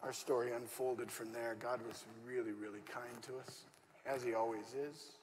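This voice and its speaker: A man's voice: medium pitch, steady tone, normal speed. A male pastor preaching a conversational, story-driven sermon and acting out the dialogue he quotes. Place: church auditorium. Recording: church hall reverb, faint room noise.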